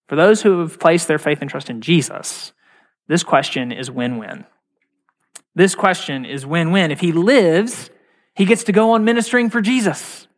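A man, a pastor, preaching a sermon in a church with earnest repetition and slow emphatic stresses. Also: sits high. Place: church sanctuary. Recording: long reverb of a large hall.

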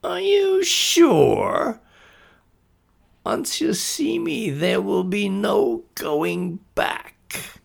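A man voicing a deep, menacing monster that taunts a child with a slow, lilting drawl. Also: big pitch swings, vocal fry, exaggerated voice. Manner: taunting, drawn-out, with a menacing lilt. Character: menacing deep-voiced monster hiding in a cloakroom.

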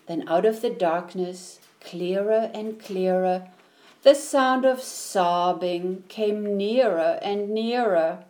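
A woman reading a children's picture book aloud with a slow, rhythmic delivery that follows the rhymes. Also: medium pitch, dark tone. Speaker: storyteller.

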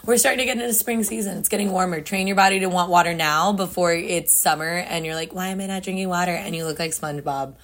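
Fresh out of bed and still without coffee, a young woman with a fairly bright, lower-pitched voice runs her solo morning podcast. She keeps it casual and chatty, pokes fun at herself, and laughs frequently.

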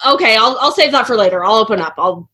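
A woman's voice: a little high, expressive, quick pace, bright, forceful tone, breathy edge. A woman on a podcast panel, chatting casually, swearing and laughing a lot as she recounts a story. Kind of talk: casual group chat.

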